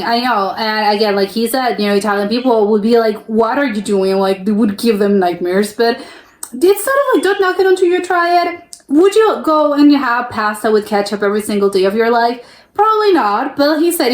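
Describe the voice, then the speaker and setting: A young woman from the United States hosting a reaction video, rambling casually with lots of fillers and restarts. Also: fairly high pitch. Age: young adult. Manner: rambling, full of fillers and restarts, laughs easily. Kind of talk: casual chatty reaction commentary. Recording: echoey room.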